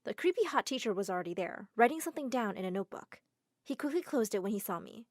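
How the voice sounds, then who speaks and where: A woman narrating a first-person animated drama story in a dramatic, exclaiming manner. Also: on the high side, dry recording, studio quality. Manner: dramatic, exclaiming, quick shifts to emotional outbursts.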